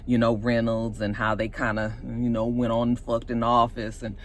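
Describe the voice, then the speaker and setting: A woman casually recapping a TV episode, animated and profane, acting out the scenes as she goes. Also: very deep voice, normal speed, slight background noise. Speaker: TV show reviewer.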